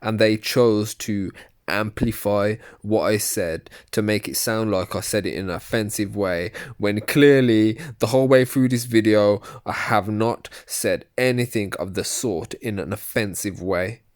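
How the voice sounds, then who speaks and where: A man's voice: lowish voice, a little slow. A man giving angry, profane commentary over a recorded argument. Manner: profane, ranting, insulting. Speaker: video commentator.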